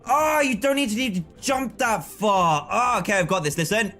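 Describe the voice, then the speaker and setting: A man streaming live gameplay with excitable, frustrated commentary, often yelling at the game. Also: high voice, normal speed, soft background music.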